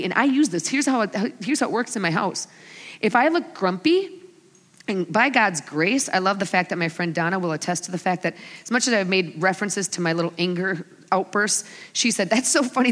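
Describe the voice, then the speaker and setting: A woman in her forties delivers a sermon full of family stories, her pitch swinging widely as she acts out each character. Her voice carries a long reverb from a large hall. She preaches from a stage microphone with a storyteller's flair. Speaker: women's ministry speaker.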